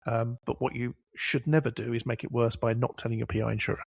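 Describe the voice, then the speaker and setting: Guy hosting a podcast, gravelly, dry close sound, repeats his points for emphasis. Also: mid-range voice, little pitch movement, fast, dry recording. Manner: anecdotal, emphatic repetitions. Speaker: podcast host. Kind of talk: casual professional discussion.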